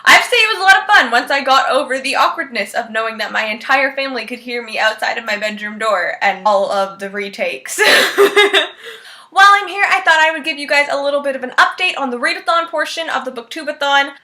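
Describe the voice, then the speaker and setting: Chatty, high-voiced young woman vlogger. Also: expressive, a little fast, bright, forceful tone. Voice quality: upbeat, chatty. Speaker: book vlogger. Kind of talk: casual vlog talk. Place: bedroom.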